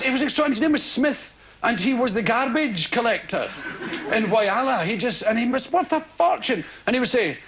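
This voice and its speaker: A man's voice: very high voice, brisk, noisy background. A Scottish man doing stand-up, telling rambling stories to a live theatre audience. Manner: animated, rambling, mock-indignant. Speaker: stand-up comedian. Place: stage of a large theatre.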